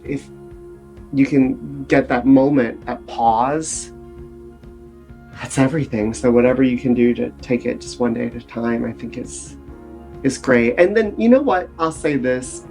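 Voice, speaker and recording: A man speaking as a guest on a recovery podcast, sharing his experience in an earnest, animated storytelling manner. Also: medium pitch, a little slow, creaky, faint music behind. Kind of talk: casual podcast interview.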